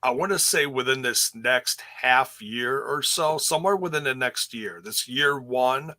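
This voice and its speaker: A man co-hosts a casual review podcast, talking in a rambling, joking way. His voice is bright and forward. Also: mid-range voice, unhurried. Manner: rambling, jokey, laughs easily. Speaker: podcast co-host. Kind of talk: casual wrestling review chat.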